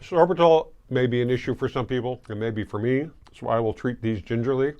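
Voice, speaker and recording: A man of middle pitch hosts a relaxed candy tasting video, chatting to the camera and chewing as he goes. His talk is casual and easygoing, now and then muffled by the candy in his mouth. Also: fairly quick, hardly any pauses. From Michigan. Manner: chatty, chewing while talking. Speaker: host.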